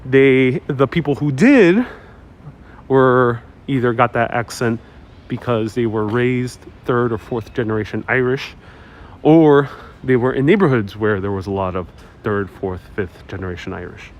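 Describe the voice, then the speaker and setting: A man's voice: mid-range voice, unhurried, muffled recording. A young adult man from Queens hosting a live walking tour on a city street, reading out viewer comments and answering them as he goes. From Queens, New York. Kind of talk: casual live-stream chat while walking. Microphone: wireless clip-on mic while walking. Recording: outdoor street recording with faint traffic noise. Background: street traffic.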